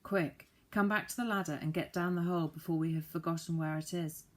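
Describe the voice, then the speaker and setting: A woman's voice: fairly low pitch, steady tone, brisk, lightly acted. Woman voicing Moonface, a kindly tree dweller. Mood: friendly. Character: friendly round-faced magical tree dweller, male.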